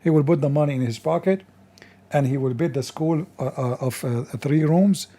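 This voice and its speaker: A man hosting a scornful commentary, mocking and insulting in broken English, his voice strained and rough today. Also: on the high side, moderate pace, mellow. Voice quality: non-native English with broken grammar. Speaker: host.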